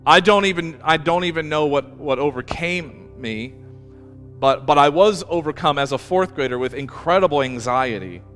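A man's voice: fairly high pitch, a bit bright, in a large hall. A man pastor giving a personal sermon, earnest and close to tears, often restarting his sentences. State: emotional, near tears. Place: church.

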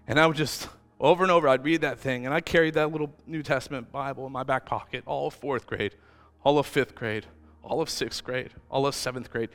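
A man's voice: fairly high pitch, animated, brisk, fairly bright tone, big-room sound, soft background music. A man preaching a sermon as pastor, telling a personal story earnestly and getting emotional at times, rising to emphatic peaks. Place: church hall.

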